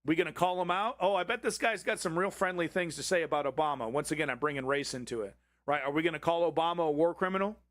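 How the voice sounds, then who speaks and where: A man's voice: fairly high pitch, fast, few pauses, fairly bright tone, no echo, studio quality. A man hosting a livestream, reacting to a political clip with angry, profanity-filled ranting. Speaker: livestream host.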